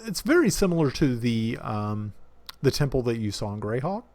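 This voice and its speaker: A man narrating as dungeon master of a tabletop game, halting often with fillers and restarts. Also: medium pitch, big pitch swings, a little mellow.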